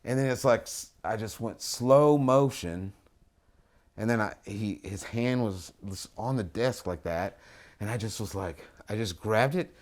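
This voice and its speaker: A man, an artist, casually telling a wild story in an interview, swinging between mumbled asides and loud, profane outbursts. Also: on the low side, measured pace. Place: lives in Atlanta.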